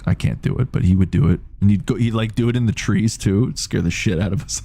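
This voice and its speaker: Late 30s dude streaming games, low gravelly voice, kinda dark, rambles n swears, reads chat. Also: male voice, fast talker. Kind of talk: casual live-stream chat.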